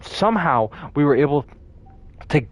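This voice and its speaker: A man's voice: on the high side, animated, moderate pace. A young man streaming a game, telling a story in a rambling, casual way with lots of fillers and swearing. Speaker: gaming streamer. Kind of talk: casual storytelling while gaming.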